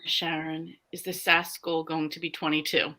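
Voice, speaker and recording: A woman's voice: sits low, little pitch movement, moderate pace, bright, forceful tone. A woman from the American South hosting a live reading sprint, chatting casually and reading viewer comments aloud. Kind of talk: casual livestream chat.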